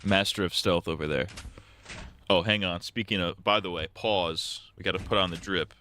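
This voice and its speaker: A man's voice: sits low, steady tone, moderate pace, bright, forceful tone, slight background noise. A man streaming a game, talking casually and crudely, rambling and joking as he plays. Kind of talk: casual gameplay commentary.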